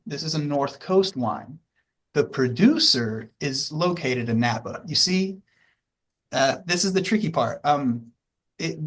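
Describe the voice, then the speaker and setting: A man's voice: a little high, a bit bright. A man teaching a class, walking through the details in a casual, rambling way with many fillers and restarts. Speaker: instructor. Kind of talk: classroom lecture.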